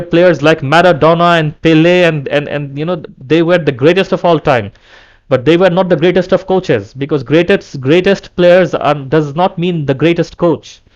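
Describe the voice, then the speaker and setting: A man in a heated fan rant, with a slightly high voice. He talks in a fed-up way, repeats himself and often restarts his sentences. It is a casual solo vlog. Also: highs cut off. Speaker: football fan vlogger. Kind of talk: angry fan rant to camera.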